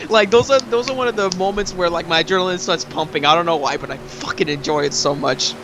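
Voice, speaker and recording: An excitable young man chatting over a game and rambling about a favorite scene. His voice sits slightly high and keeps spiking with enthusiasm. Faint background noise sits under it. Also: fast talker. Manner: excitable, rambling, swears, lots of fillers. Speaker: let's play host. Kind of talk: casual gaming chat.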